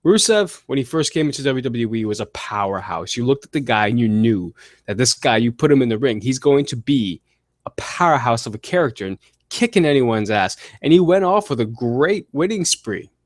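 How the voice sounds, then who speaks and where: A man's voice: medium pitch, animated, normal speed, no echo, clean studio sound. A man hosting a solo podcast, ranting with sarcasm and mocking impressions as he talks. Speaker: podcast host. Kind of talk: solo wrestling commentary podcast.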